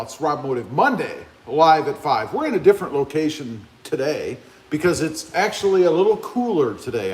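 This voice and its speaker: A relaxed man hosts a live chat from his open garage, reading out comments and greeting viewers one by one. His voice sits a little high and swings freely in pitch. The phone mic picks up a roomy, echoing garage. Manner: laid-back, chatty, greets viewers by name. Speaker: livestream host. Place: open garage with a fan running. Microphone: cell phone camera.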